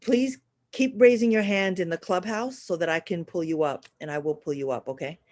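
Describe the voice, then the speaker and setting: A woman giving a live horoscope and spiritual reading to an audio chat room, blunt and profane, swinging from loud urging to soft murmurs, with repetitive chant-like phrasing. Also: fairly low pitch, moderate pace. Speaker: astrology and spiritual reader.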